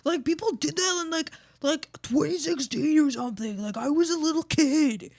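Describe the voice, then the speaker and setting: A woman's voice: sits high, normal speed, darkish tone, no room sound, clean studio sound, voice pushed up. A woman voicing a whiny, exasperated teenage coworker who scolds and insists. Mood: whiny scolding.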